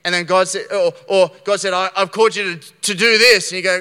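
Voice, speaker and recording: A man preaching a lively sermon, acting out Bible scenes and restarting his sentences as he goes. His voice is bright and clear, and it rings out with the long reverb of a big church hall. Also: high voice, brisk. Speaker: pastor.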